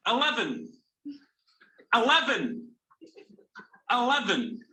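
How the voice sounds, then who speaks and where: A Scottish man stuck in a lift keeps shouting at the machine, his voice bright and swinging widely in pitch. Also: wildly swooping pitch, takes it slowly, exaggerated voice, poor audio. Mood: exasperated. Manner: shouting, exasperated. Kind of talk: comedy sketch acting.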